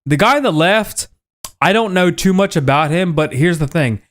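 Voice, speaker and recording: A man's voice: fairly high pitch, expressive, normal speed, fairly bright tone. A man calling in to heckle the host, crude and insulting, swearing often. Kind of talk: profane heckling rant.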